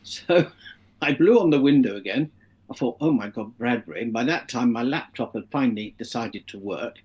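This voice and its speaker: A middle-aged man, talking as a guest in a casual interview. He tells long stories in a mid-pitched voice and acts out the lines of the people in them. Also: lively intonation, moderate pace, darkish tone, breathy edge.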